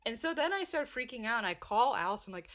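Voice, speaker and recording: A woman's voice: on the high side, sing-song, quick pace, a bit bright. A woman telling a rambling story in casual podcast chat, laughing as she goes and swearing freely. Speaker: podcast co-host.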